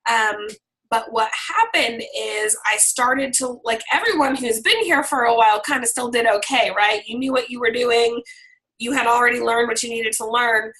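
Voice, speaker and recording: A hoarse woman leading her sales team on a video call, talking in a chatty, upbeat and loose way. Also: a little high, normal speed, fairly bright tone, rough recording. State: hoarse, frog in throat.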